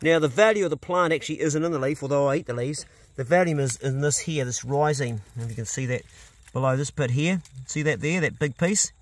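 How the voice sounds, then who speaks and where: New man, farm vlogger, blunt and earthy, fairly high pitch, outdoors on a phone. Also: a little fast. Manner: earthy, blunt, swears freely. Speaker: farmer vlogger. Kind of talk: casual walk-and-talk vlog. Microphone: phone camera.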